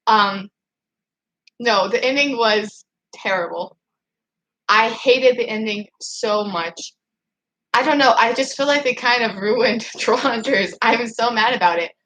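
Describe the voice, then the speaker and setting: A woman's voice: fairly high pitch, pushed and bright, low-quality recording. Woman vlogger just done crying, rambly and upset, reading chat, faint noise behind. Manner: rambling, emotional, nervous laughs, many fillers. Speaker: livestreaming vlogger. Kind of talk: casual livestream reaction, reading chat.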